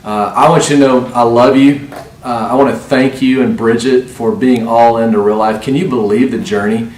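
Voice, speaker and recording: A man's voice: medium pitch, fairly even intonation, moderate pace. A man giving an encouraging farewell message to a departing colleague. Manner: warm, encouraging. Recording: echoey, distant.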